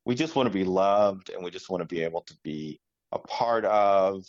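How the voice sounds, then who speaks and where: Deep-voiced man, dull lo-fi sound. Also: normal speed. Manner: reflective, rambling with fillers. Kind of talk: casual chat.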